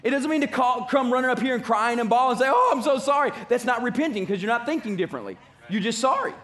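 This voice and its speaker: A man's voice: very high-pitched, lively intonation, fast talker, fairly bright tone. A man preaching a sermon as pastor, emphatic and repeating his key phrases.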